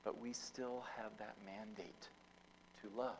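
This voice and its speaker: A man's voice: lowish voice, fairly even intonation, slow pace, a little hiss or hum, rough recording. A man preaching a sermon as pastor, telling a story with many fillers and restarts, his volume rising and falling. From United States.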